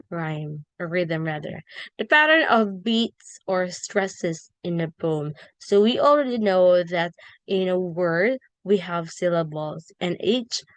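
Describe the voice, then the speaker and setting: A woman teaching a lesson on poetry, explaining slowly with fillers and self-corrections. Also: lowish voice, no room sound. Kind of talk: classroom lecture on poetry.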